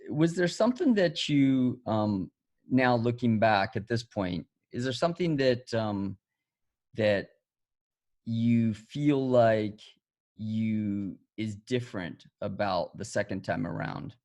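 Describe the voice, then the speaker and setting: A man's voice: lowish voice, animated, takes it slowly, darkish tone. A man hosting a podcast, asking questions in a hesitant, casual way. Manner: short agreeing replies, hesitant questions. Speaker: podcast host. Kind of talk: casual interview chat.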